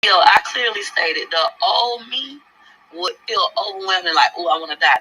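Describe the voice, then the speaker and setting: A woman content creator venting in a clip from her own stream, emotional and at times shouting. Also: medium pitch, normal speed, husky, poor audio.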